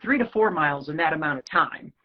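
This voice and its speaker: Low-pitched and quick, a female podcast guest from the US Rocky Mountain region tells a personal story in conversation, voicing the quoted dialogue with animation. The recording is a lo-fi, phone-like line.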